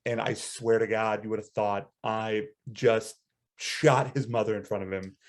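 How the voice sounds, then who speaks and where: A man co-hosting a casual podcast chat, telling a story in an animated way and breaking into high laughter. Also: unhurried. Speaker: podcast co-host.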